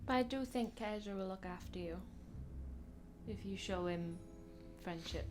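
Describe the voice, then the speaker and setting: Soft-spoken woman asking hesitant questions. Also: mid-range voice, unhurried, music in the background. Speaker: player. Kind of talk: playing a tabletop game.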